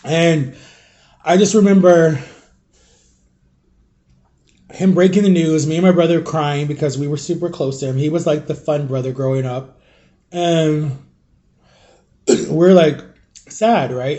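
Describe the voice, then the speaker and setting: A man's voice: on the high side, mellow. A young man vlogging and telling a personal story to his viewers in a rambling, confiding way, full of fillers. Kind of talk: casual storytelling vlog.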